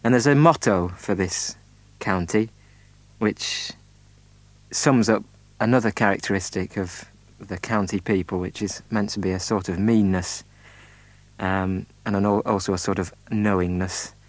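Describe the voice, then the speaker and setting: Man, very low and dry, hesitant explainer. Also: steady tone, no room sound. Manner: hesitant, many ums and uhs, measured. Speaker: speaker describing his home county. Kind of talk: unscripted spoken description.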